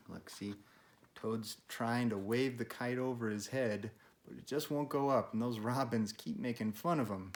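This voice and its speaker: A man hosting a children's read-aloud, narrating a story and making gentle, chatty asides to a pet. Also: medium pitch, normal speed. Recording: roomy, echoey room.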